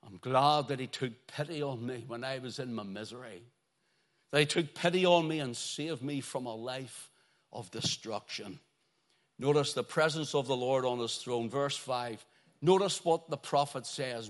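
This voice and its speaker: A man preaching a sermon, swinging between loud, drawn-out exclamations and hushed, dropping phrases as he stresses key words. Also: mid-range voice.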